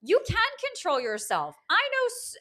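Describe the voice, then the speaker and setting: A woman hosts a relaxed podcast interview with a high voice that swoops up and down a lot. She backs up her guest with quick agreement and speaks bluntly, swearing casually. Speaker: podcast host.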